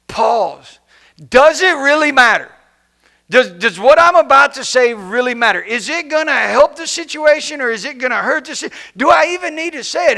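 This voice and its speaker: High, bright-voiced gravelly male preacher. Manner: conversational and playful, acts out complaining people. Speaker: pastor. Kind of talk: sermon. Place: church.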